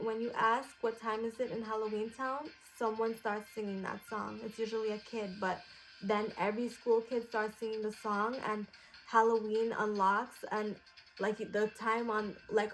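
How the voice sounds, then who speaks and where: A woman in character as a psychic priestess giving a magic class, rambling with many fillers in a mystical tone. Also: mid-range voice. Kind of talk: improvised role-play class.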